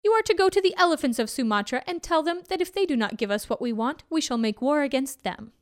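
Woman putting on an idle, grasping tiger king from a storybook, raised pitch, bossy. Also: measured pace, smooth, natural voice. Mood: lazy. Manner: lazy, careless, commanding. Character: lazy greedy male tiger king.

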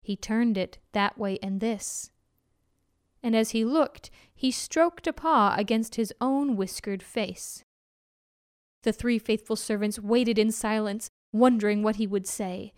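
Woman storyteller, higher voice, clean dry read. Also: smooth, no echo. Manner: gentle, measured narration.

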